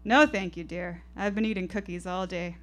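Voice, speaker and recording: A woman voicing an excitable 86-year-old grandmother with a Boston accent, shrill and childlike. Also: normal speed, lightly acted. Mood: tender. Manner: shrill, panicky, childlike giggling.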